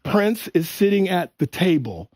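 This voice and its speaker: A man telling an anecdote on a talk show, animated and slipping into gruff, low voices for quotes. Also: measured pace, no echo, studio quality. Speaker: guest storyteller.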